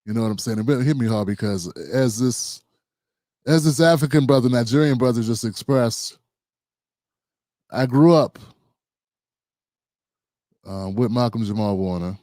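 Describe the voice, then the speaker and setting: A man in his fifties, co-hosting a podcast panel, talking reflectively with frequent pauses and fillers. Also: medium pitch, mellow, dry recording, clean studio sound. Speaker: podcast co-host. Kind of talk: panel discussion.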